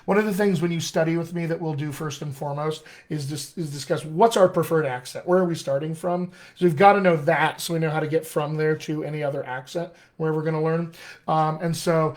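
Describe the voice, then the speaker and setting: A man's voice: a little high, fairly even intonation, brisk. A man from Colorado with a General American accent, slightly Colorado-tinged, coaching in an enthusiastic, encouraging and chatty way, with frequent fillers and restarts during a live-stream Q&A. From Colorado, USA. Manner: enthusiastic and encouraging, addresses listeners as friends. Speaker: dialect coach.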